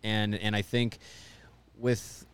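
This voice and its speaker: A man co-hosting a sports podcast, speaking in a measured, hesitant way. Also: lowish voice, level tone, smooth. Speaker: podcast co-host. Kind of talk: casual sports podcast chat.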